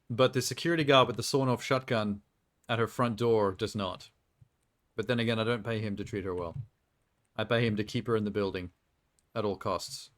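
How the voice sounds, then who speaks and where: A man chats loosely while building in a game on a live stream, rambling from idea to idea. He jokes and laughs often, with an average-pitched everyday voice.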